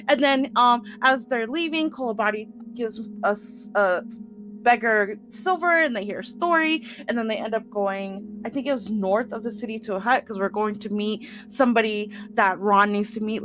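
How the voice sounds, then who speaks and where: A woman casually recapping the last tabletop session, animated, laughing and swearing often. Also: on the high side, moderate pace.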